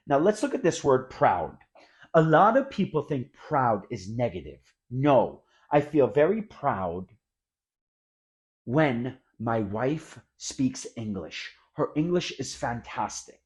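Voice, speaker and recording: Animated, slow-talking male English teacher. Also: medium pitch. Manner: animated, acts out example sentences. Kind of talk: energetic classroom-style explanation.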